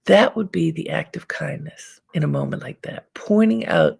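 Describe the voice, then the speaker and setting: A woman hosting an inspirational self-help talk, giving calm, unhurried advice with frequent pauses. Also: sits low, creaky, breathy edge. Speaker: host.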